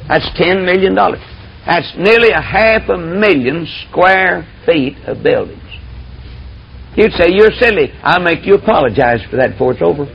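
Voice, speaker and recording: A man's voice: fairly high pitch, lively intonation, moderate pace, vocal fry, husky. A man preaching a sermon in a folksy, emphatic, drawling storytelling manner. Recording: dull lo-fi tape with faint hiss.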